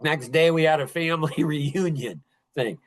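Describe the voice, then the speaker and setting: A middle-aged man hosting a podcast, telling a family story in a casual, animated way with frequent chuckles. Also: on the high side, normal speed. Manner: animated, chuckles often between phrases. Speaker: podcast host.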